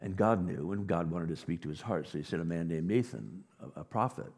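Husky-voiced male pastor preaching in a hall. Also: low-pitched, brisk. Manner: dynamic preaching, drops to a near whisper and rises to loud emphasis. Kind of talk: sermon. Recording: long reverb of a large hall.

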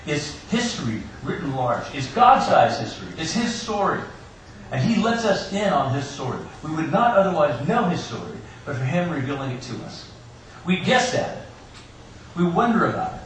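A man's voice: on the high side, very animated, normal speed. Male pastor in an echoey church. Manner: personal storytelling with joking asides. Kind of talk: Easter sermon. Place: church sanctuary. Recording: echoey church room, distant mic, background hiss.

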